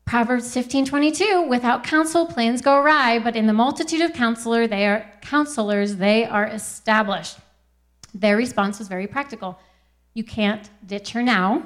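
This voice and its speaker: A woman's voice: fairly high pitch, moderate pace. Earnest young woman giving a testimony. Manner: earnest, quotes scripture, laughs easily. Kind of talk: Christian testimony talk.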